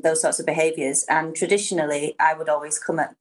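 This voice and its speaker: A woman's voice: sits low, level tone, fast. A woman co-hosting as a dog trainer, explaining training methods thoughtfully and steering the questions. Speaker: dog trainer and podcast co-host. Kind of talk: casual chat.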